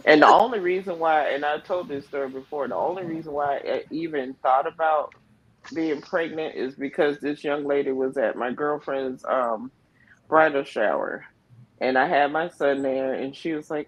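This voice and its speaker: A woman's voice: low-pitched, normal speed, poor audio. A young woman in casual chat on a video call live stream, telling a story and acting out the voices of the people in it. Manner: animated storyteller who acts out quoted voices.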